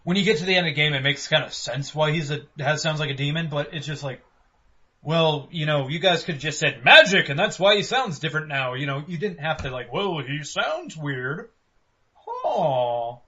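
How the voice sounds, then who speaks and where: Animated, swearing male game podcaster. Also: fairly high pitch, brisk. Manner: animated, swears freely, puts on voices for quotes. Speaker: podcast co-host. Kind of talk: casual game review chat. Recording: dull lo-fi podcast audio.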